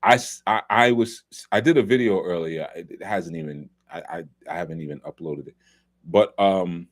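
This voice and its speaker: A man's voice: low voice, moderate pace. A middle-aged man from New York, hosting a loose, conversational film commentary talk with many asides. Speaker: host.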